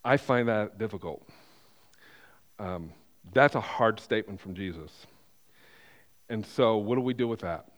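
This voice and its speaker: A man's voice: fairly low pitch, a little slow, pauses often. Preaching man in a reverberant hall. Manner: animated storytelling with frequent restarts. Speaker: pastor. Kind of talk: sermon. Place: church sanctuary.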